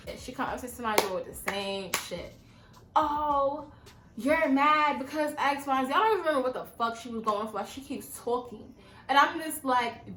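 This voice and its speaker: Brief: woman, twenties, New York, story-time vlogger, animated and slangy, slightly high voice, echoey room. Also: a little hiss or hum. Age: 20s.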